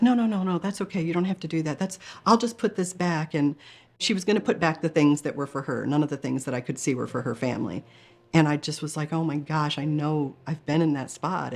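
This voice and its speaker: A woman telling her near-death experience in an interview, earnest and emotional, often quoting others in her own voice. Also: sits low. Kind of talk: personal storytelling.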